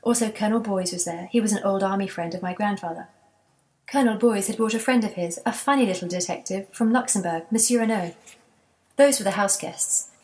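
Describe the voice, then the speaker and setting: A woman voicing a wistful elderly grandmother in a children's storybook, soft and reminiscing. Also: medium pitch, fairly quick, lightly acted.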